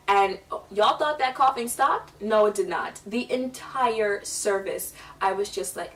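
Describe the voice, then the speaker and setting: A young woman in a casual storytime vlog, talking in a chatty, animated way and acting out the people in her story. She sounds a little away from the mic, in an ordinary room at home. Her pitch is in the middle for a woman. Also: measured pace, distant mic. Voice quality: animated, chatty, quotes people in playful voices. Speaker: vlogger.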